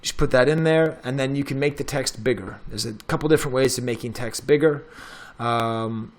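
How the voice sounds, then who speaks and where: A middle-aged man, a professor, walking through a software tutorial in a casual, chatty way as he clicks through the steps. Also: medium pitch, normal speed. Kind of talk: screen-recorded tech tutorial.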